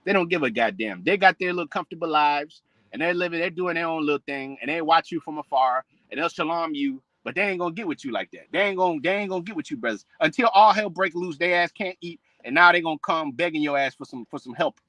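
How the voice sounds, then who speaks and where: A man's voice: a little high, fast, hardly any pauses, sharp tone, no room sound, low-quality recording. A man preaching in a blunt, profane rant, repeating "man" and "bro" to his listeners. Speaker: religious preacher.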